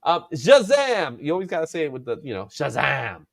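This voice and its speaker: A man hosting a casual comic book chat, animated and laughing often, drawing out his exclamations. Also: a little high, very fast. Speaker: comic book show host.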